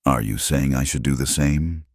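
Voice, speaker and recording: A man voicing an earnest young woman, a jilted schoolteacher, lifting his deep voice slightly. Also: normal speed, no echo, clean studio sound.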